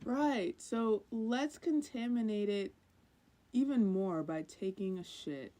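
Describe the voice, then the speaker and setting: A woman's voice: medium pitch, slow pace, mellow. A woman co-hosting a podcast in casual chat, blunt and sarcastic. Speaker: podcast co-host.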